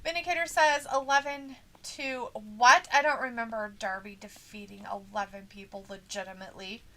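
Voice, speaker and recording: A woman's voice: fairly high pitch, moderate pace, sharp tone. A woman co-hosting a wrestling watch-along, reading viewer comments aloud in a playful, teasing way.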